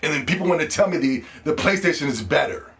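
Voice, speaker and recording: A man hosts a casual podcast with a fairly high voice. He rants in a profane, sarcastic way. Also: animated, fast talker, fairly bright tone. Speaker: podcast host.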